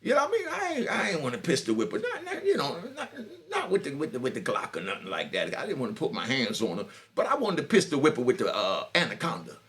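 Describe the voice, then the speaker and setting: A man's voice: mid-range voice, wildly swooping pitch, quick pace, hardly any pauses, a bit bright. A man from New York telling a boastful, bawdy street story in a casual monologue, laughing often, stumbling over restarts and asking "you know what I mean.". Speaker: storyteller, channel host.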